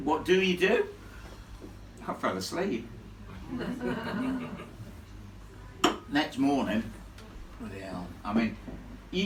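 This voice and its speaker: Lively man telling a ghost story. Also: medium pitch, slight background noise. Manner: animated, blunt, salty storyteller. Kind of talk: live storytelling to an audience. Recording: echoey room filmed from far off.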